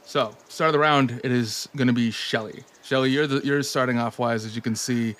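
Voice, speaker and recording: A man's voice: medium pitch, fairly even intonation, brisk, fairly bright tone. A man running a tabletop game as game master, laughing between calls. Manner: chuckles between rules calls.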